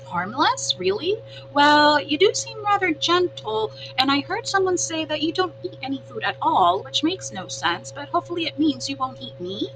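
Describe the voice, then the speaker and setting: Woman voicing a high, showy storybook opossum. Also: very animated. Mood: dramatic. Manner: theatrical, breathy exclamations, drawn-out emphasis. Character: dramatic theatrical female opossum, showy and chatty. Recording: humming background noise.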